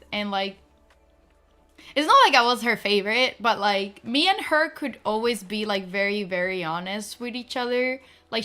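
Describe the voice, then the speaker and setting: Fast-talking woman streamer, bright voice. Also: mid-range voice. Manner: fast-talking, full of "like" fillers. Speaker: streamer debuting a virtual avatar. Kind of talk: casual chat.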